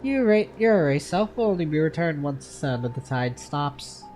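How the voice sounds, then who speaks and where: A solemn, mysterious hooded girl from a game story speaks in a soft, measured voice, as a streamer reading the dialogue puts her on. The tone is mellow and dark. Faint music plays underneath. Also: medium pitch, expressive, lightly acted. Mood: calm.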